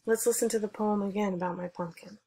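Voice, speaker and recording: A woman music teacher giving an online lesson for children, speaking clearly and encouragingly as she leads call-and-response chants. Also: medium pitch, fairly even intonation, fast, mellow.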